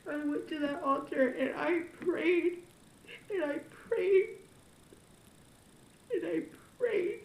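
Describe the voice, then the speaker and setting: A woman's voice: extremely high pitch, expressive, slow pace, gravelly, long pauses, a little mellow. A young woman telling a personal story in a confessional vlog, emotional and tearful, voice catching as she cries. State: crying. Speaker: vlogger. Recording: echoey room with faint noise.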